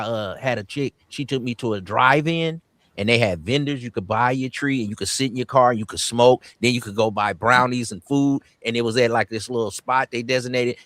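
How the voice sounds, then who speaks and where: A man's voice: medium pitch, brisk, a bit bright, dry recording. Laid-back older man, dry close mic. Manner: laid-back storytelling, slangy. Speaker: podcast co-host. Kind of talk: casual group chat.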